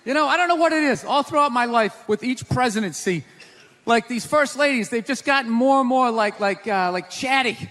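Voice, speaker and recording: Ranting male stand-up comic, high voice. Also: lively intonation, a little fast. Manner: ranting, sarcastic, shouts punchlines. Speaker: stand-up comedian. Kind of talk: stand-up routine. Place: live comedy stage. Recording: live stage with crowd and noise. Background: audience laughter.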